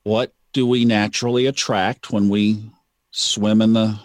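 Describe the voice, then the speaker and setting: Reflective male podcast guest, low-pitched, dry close sound. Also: little pitch movement, a little slow, no room sound. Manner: reflective, sermon-like repetition. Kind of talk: casual conversation.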